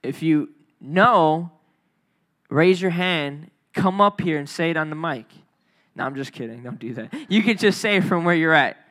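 A man with a high voice preaches in a loose, joking way to a youth group. His tone is bright and lively, and he calls out to listeners and has them repeat phrases back. It sounds like a casual church talk. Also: normal speed. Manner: playful, joking with the audience by name; call-and-response prompts. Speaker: youth pastor. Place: church room.

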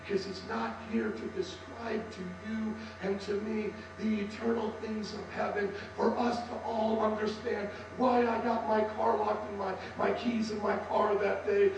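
A man preaches with a high, strained voice that sounds worn. He builds to shouts for emphasis. He is heard from a distance in a very echoey hall with a faint electrical hum. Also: level tone, moderate pace, hardly any pauses. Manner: impassioned, swings to shouting for emphasis. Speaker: pastor. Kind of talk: sermon.

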